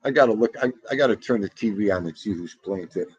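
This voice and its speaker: This husky, fairly low-pitched middle-aged man talks at a quick pace with hardly any pauses. He's hosting a livestream, chatting and laughing with viewers and answering the chat. The recording has its highs cut off and no room sound.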